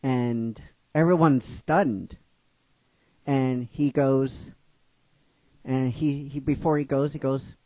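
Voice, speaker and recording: A man's voice: medium pitch, steady tone, takes it slowly, pauses often, a little mellow, dry recording. A man casually retelling his own fan script, rambling and repeating himself, and often asking "right?" as he goes. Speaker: fan script writer and narrator.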